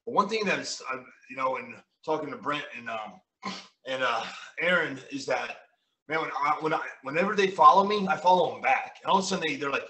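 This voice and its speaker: A man hosting a podcast as a pro wrestler, telling stories in a lively, excited way, recorded from a distant mic in a roomy space. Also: a little high. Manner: animated storyteller, quick and excited. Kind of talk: casual podcast chat.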